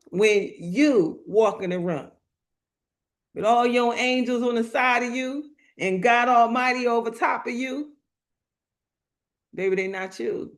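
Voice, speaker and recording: A woman speaker preaching to an online live audience, slow and emphatic, repeating her phrases in colloquial talk and calling out to the chat. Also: on the high side. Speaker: motivational speaker.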